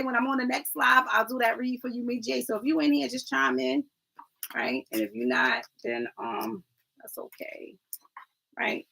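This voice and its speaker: Gravelly bright-voiced woman on a live reading. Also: high-pitched, poor audio. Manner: chatty, repeats "right?" and "family"; stumbles over names, apologizes. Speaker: oracle card reader. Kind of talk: casual livestream reading.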